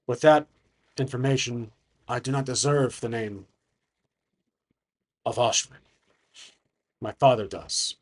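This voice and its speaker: A man voicing a humble young man in a solo tabletop game, speaking in an earnest, measured way. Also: medium pitch. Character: humble young man refusing his family name.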